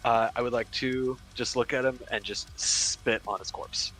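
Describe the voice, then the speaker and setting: A man playing a tabletop game, stating his character's actions slowly and deliberately. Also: medium pitch, steady tone, a bit bright, faint music behind. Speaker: player.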